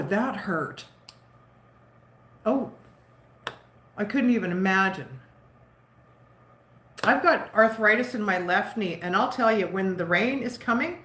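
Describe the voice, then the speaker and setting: A chatty woman in her fifties talks to her livestream viewers in an easy, rambling way, laughing between her thoughts. Her voice sits at an ordinary middle pitch. The roomy home kitchen adds a noticeable echo. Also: fairly bright tone. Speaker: livestream host. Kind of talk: casual chat with live viewers.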